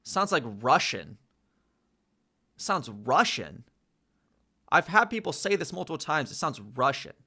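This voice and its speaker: An American man hosting a casual live chat, slowly sounding out words with many fillers and pauses. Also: fairly high pitch, sing-song, pushed and bright, slightly rough. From United States. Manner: slow, hesitant, full of fillers, sounding out words. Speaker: livestream host learning Polish.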